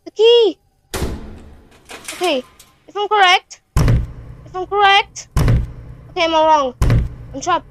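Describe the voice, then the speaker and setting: A woman's voice: very high-pitched, lively intonation, takes it slowly, long pauses, a bit bright, a little hiss or hum. A woman narrating her own horror game playthrough, panicky and swearing, talking straight to her viewers. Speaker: gaming channel host.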